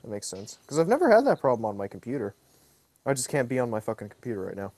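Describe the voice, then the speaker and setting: A man on his phone in a casual online chat, relaxed and quick to agree. Faint noise sits behind his voice, which is mid-pitched.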